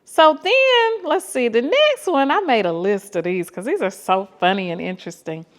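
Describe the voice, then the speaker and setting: A woman in her fifties with a Southern US accent, telling dating stories to her viewers in an animated, exasperated way, acting out bits of the dialogue. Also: on the high side, normal speed. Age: 50s. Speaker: vlogger. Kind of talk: casual storytelling to viewers.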